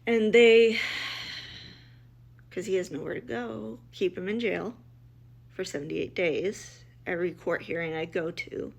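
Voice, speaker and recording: Speaking low with vocal fry, at a measured pace and with frequent pauses, a middle-aged mother tells her family's story. She's emotional and blunt, voicing others in dialogue and restarting often.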